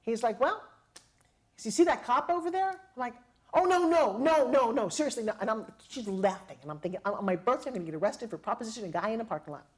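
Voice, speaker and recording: Middle-aged lady telling stories to a crowd, lively, does all the voices with little laughs. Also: fairly high pitch, racing, slightly rough. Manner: lively, acts out quoted dialogue with laughs. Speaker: motivational speaker. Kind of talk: personal storytelling to an audience.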